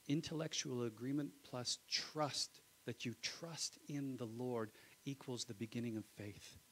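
A male pastor preaching a live Sunday sermon in church, swinging from loud exclamations to hushed asides and calling "Amen?" to the congregation. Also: medium pitch, a little slow, slight background noise, low-quality recording. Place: church sanctuary.

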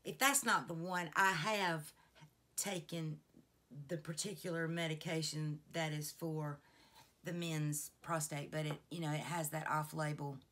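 A woman's voice: deep voice, steady tone, a little slow, a bit bright. A woman vlogger, chatting casually to her viewers in a rambling, heartfelt way and laughing at herself. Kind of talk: casual chat to camera.

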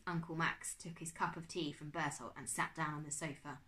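A woman teacher reading a children's novel aloud to her class in an expressive, animated way. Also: low-pitched, brisk, few pauses.

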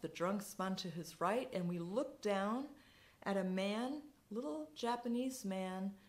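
A woman telling a dramatic story in a measured, deliberate way. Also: mid-range voice, a little mellow. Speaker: speaker. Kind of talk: storytelling talk.

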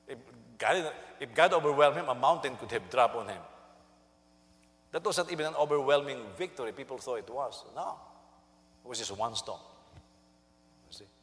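A male senior pastor preaching a sermon, animated and storytelling, who jumps into high voices to act out quotes. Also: moderate pace, long pauses, long reverb tail.

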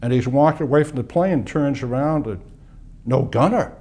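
A man in his eighties from Boston recounts his memories for an oral history interview. His voice is mellow and soft, and he tells his stories unhurriedly, pausing and restarting as he recalls details. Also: medium pitch. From Boston, USA. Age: 80s. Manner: unhurried reminiscing with pauses and restarts. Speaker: interviewee, war veteran.

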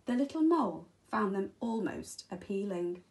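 A woman teacher reading a children's storybook aloud in an expressive, sing-song way, acting out the sound effects. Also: mid-range voice, normal speed, vocal fry.

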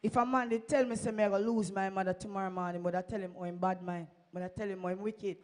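A woman's voice: mid-range voice, steady tone, fast. A woman with a Jamaican accent stands before a church congregation and gives her testimony. She speaks fervently and urges her listeners on, moving easily between English and Patois. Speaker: church member giving testimony. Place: church sanctuary.

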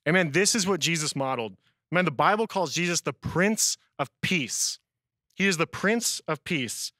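A man's voice: a little high, normal speed, no echo. A man giving a casual youth sermon, telling stories and dropping "man" into nearly every sentence. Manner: peppers sentences with "man", animated storyteller. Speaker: youth speaker.

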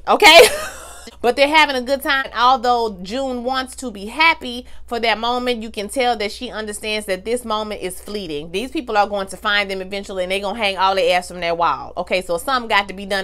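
A woman's voice: on the high side, sharp tone. A woman giving a casual, slangy recap of a TV episode, talking straight to her viewers and acting out the characters' lines. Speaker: TV show recap vlogger.

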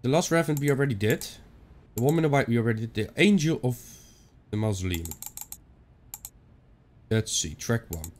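A man giving chatty let's-play commentary on a ghost hunting game, thinking out loud with some non-native phrasing. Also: mid-range voice, expressive, normal speed, long pauses, a little hiss or hum. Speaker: gaming YouTuber.

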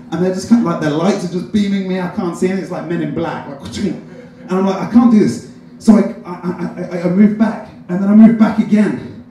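Young English comic at an open mic, fairly high voice, caught from afar in an echoey room with clear background noise. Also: male voice, distant mic. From England. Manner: animated, self-deprecating storytelling. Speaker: stand-up comedian. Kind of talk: stand-up storytelling. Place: open mic at a coffee shop.

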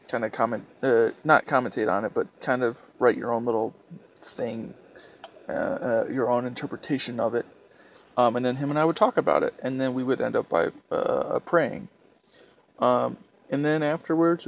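A young man vlogging a personal story, speaking in a halting, hesitant way with many restarts, soft and subdued. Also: mid-range voice, fairly even intonation, creaky.

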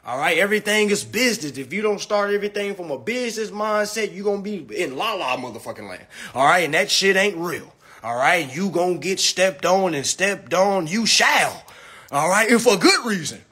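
Drunk man ranting, husky high voice. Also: animated, moderate pace, sharp tone. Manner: preachy and profane, keeps asking "all right?". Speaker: consumer finance commentator. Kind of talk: ranting monologue.

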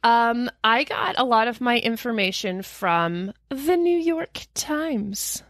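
Lively, high-voiced woman podcast co-host. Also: slow pace, dry recording, studio quality. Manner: animated, swoops into high squeals for emphasis; reads news clippings aloud with playful asides. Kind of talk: casual storytelling chat.

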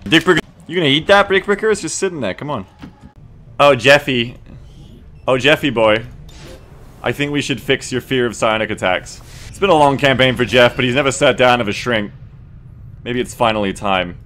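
A man's voice: mid-range voice, fairly bright tone. A man giving joking, rambling commentary over his video game campaign, full of crude jokes and silly repetition. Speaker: gaming video creator.

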